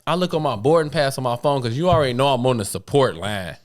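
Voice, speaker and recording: A young man with a Chicago accent telling a long story on a podcast, animated, laughing often and acting out the other people's voices. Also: medium pitch, quick pace. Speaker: podcast co-host. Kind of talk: casual storytelling.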